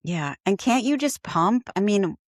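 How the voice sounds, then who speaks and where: A woman's voice: medium pitch, lively intonation, measured pace, no echo, studio quality. A woman co-hosting a casual gossip podcast, reacting with emphatic exasperation.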